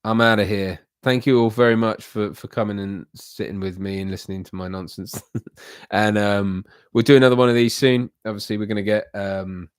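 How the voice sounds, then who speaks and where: A man's voice: lowish voice, steady tone, moderate pace, clean tone, no room sound, studio quality. A man hosting a casual livestream, chatting loosely with viewers in a rambling, self-deprecating way. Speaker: livestream host.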